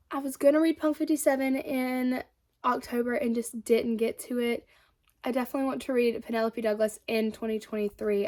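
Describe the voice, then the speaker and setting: A woman, talking books in a relaxed vlog. Her voice sits a little high, and she speaks with a chatty, eager enthusiasm, stopping now and then to correct herself. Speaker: book vlogger. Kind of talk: casual chat.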